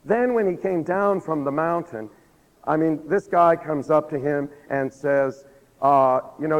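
Hoarse preacher guy, gravelly, acts out every quote, big reverb like a hall. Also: on the high side, a little slow. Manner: animated storytelling, acts out quotes, rhetorical questions. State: losing his voice. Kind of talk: sermon.

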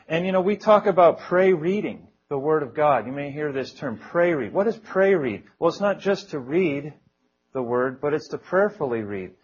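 A man's voice: on the high side, lo-fi sound. A man preaching a sermon in an earnest, conversational way, with small jokes and prayerful quotes.

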